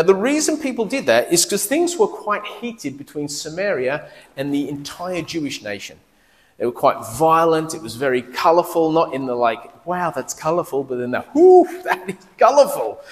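A man preaching a sermon in a lively, conversational way, asking the congregation questions as he goes. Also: on the high side, moderate pace. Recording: long reverb of a large hall.

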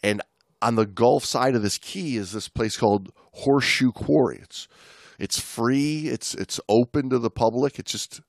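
A man's voice: medium pitch, measured pace, creaky, no room sound, studio quality. A man co-hosting a podcast, telling stories in casual chat with many restarts and laughs. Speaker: podcast co-host.

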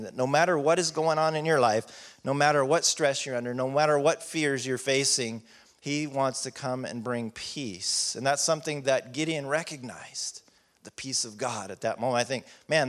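A man's voice: mid-range voice, normal speed. A man preaching a sermon in a casual, conversational way, reading scripture and acting out prayers.

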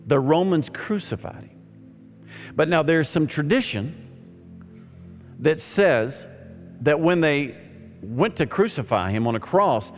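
A male pastor preaching a sermon, swinging from loud emphatic lines to soft, near-whispered ones. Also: a little high, expressive, measured pace, long pauses. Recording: long hall reverb with faint music.

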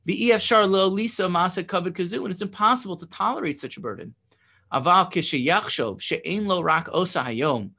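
Man, religious teacher, text study lesson, bright tone, higher pitch, explanatory. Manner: explanatory, asks rhetorical questions, often adds "right?".

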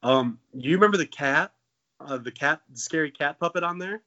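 Bright-voiced man in his twenties, joking. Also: mid-range voice, a little fast, dull audio. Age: 20s. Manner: jokey, profane, playful. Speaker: podcast co-host. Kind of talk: casual comedic chat.

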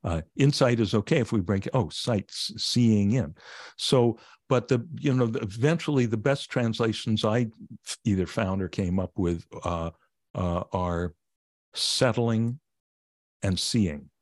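Brief: male guest, meditation teacher, lowish voice, plain-spoken and gently wry, dry close podcast sound. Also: unhurried, dry recording. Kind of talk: conversational podcast interview.

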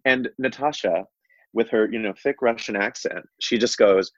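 Man, low voice, rambling casual chat, dry slightly dull recording. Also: normal speed, dry recording. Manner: rambling, heavy on fillers, laughs often.

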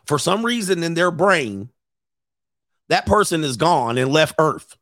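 In clean, echo-free studio audio, a dating coach hosts a casual livestream full of crude humor, frequent laughter, and impressions of the people in his stories. He speaks unhurriedly in a slightly high, animated, fairly bright voice.

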